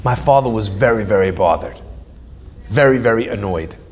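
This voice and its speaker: A man giving an animated Torah class, telling stories with humorous asides and dramatic emphasis. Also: on the low side, moderate pace, big-room sound. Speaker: Torah teacher.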